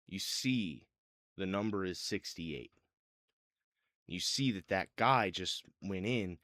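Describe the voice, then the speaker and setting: A man's voice: deep voice, fairly bright tone, dry recording, clean studio sound. A man running a tabletop game as game master, narrating casually with many fillers.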